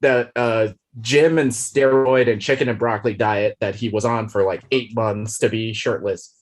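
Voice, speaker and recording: A man's voice: on the low side, fairly even intonation. A man guesting on a movie podcast, joking and ranting with plenty of swearing in casual chat. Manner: joking, profane, quick jokes and rants.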